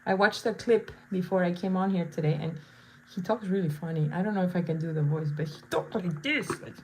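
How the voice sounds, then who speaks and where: A woman's voice: on the low side, steady tone, a little fast, warm tone, slight background noise. A woman in her thirties, a face painter chatting casually and playfully with viewers during a live stream while she paints. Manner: bubbly, chatty, playful asides.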